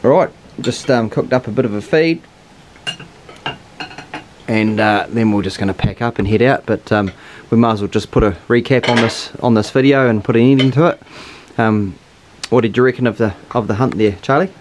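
A man's voice: medium pitch, normal speed, slight background noise. A man, a hunting guide and host, giving easygoing practical instructions and chatting outdoors. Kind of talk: casual outdoor instruction and wrap-up chat. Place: outdoors on a hillside.

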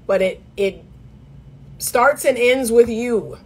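A middle-aged woman with a slightly high, husky voice talks straight to camera as a dating coach. She is emphatic and sassy, laughing often and slipping into a high mocking voice to mimic others. Her delivery is direct and animated. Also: slow pace.

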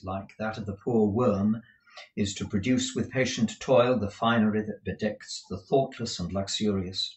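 A man reading a classic novel aloud, in a measured, expressive storytelling manner, with a few explanatory asides. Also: fairly low pitch. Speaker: narrator. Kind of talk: audiobook reading with commentary. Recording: roomy echo.

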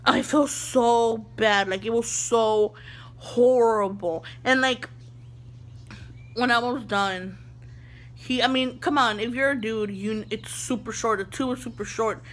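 A young adult woman vlogger telling an animated storytime. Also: a little high, slow pace.

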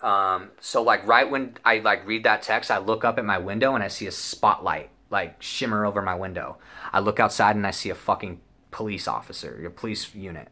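A man's voice: fairly low pitch, fairly quick. A young man telling a story casually, rambling and swearing as he acts out what people said. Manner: profane, rambling, animated storytelling with acted-out quotes. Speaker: vlogger.

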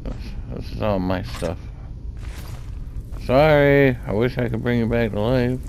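A man's voice: medium pitch, fairly quick, creaky, warm tone, slight background noise. A man casually commenting on his own gameplay, chatty and laid-back, thinking aloud as he plays. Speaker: gaming channel host. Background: game music.

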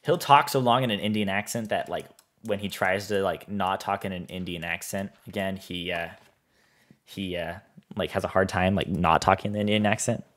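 A man's voice: deep voice, steady tone, normal speed, a bit bright. A man streaming a building game, reading chat aloud and answering in a rambling, easygoing way. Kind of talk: casual live-stream chat while playing.

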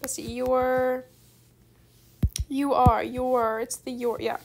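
Gushing, high-voiced young woman gamer. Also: level tone, takes it slowly, background noise. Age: student. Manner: gushing, effusively grateful, giggly. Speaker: gaming video creator. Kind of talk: excited gameplay commentary.

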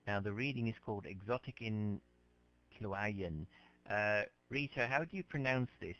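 Guy teaching english in a classroom, slow careful explaining, lowish voice, muffled recording. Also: a bit bright. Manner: slow, patient explaining to students. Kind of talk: classroom lecture. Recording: dull lo-fi lecture recording.

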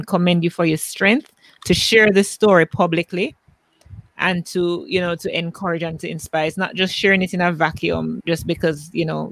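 A woman host moderating a live panel, speaking in a measured, affirming way and sometimes stopping to search for the right word. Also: low voice, gravelly, no echo. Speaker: host and facilitator.

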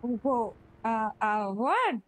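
A woman's voice: a little high, big pitch swings, drawn-out words, rough recording. Playful woman in game roleplay. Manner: playful, evasive, giggly. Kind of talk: in-character game roleplay chat.

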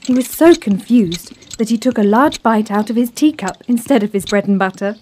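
Woman narrator, mellow voice, calm measured children's storytelling, faint background hiss. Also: a little high.

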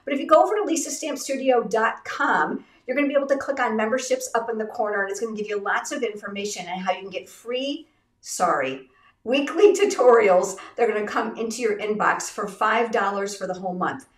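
A woman hosting a live craft stream, talking straight to her viewers in an upbeat, chatty way. Her voice sits a little high and sounds congested and slightly raspy. She is a bit far from the mic in an echoey room. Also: brisk. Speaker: craft livestream host. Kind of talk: live-stream product giveaway chat.

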